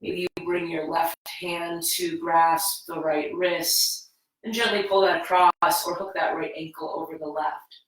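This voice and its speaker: A woman teaching a slow yoga class, guiding breath and movement in a calm, soothing way. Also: fairly low pitch. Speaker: yoga instructor. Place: home room. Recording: echoey room, voice from a distance.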